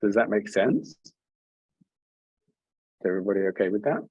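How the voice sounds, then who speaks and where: Husky-voiced man leading an online workshop. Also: on the low side, animated, moderate pace, darkish tone, no room sound, highs cut off. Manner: friendly, encouraging, hesitant restarts. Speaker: workshop leader.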